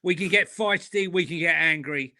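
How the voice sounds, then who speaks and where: A man's voice: on the high side, moderate pace, sharp tone. A man co-hosting a casual football talk show, upbeat and laughing a lot. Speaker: co-host. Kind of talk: casual banter.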